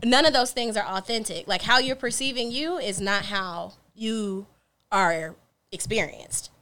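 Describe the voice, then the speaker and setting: A woman's voice: mid-range voice, a little slow, pushed and bright. A woman co-hosting a comedy podcast, blunt and profane in casual chat, often breaking into laughter. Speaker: podcast co-host. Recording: faint background noise.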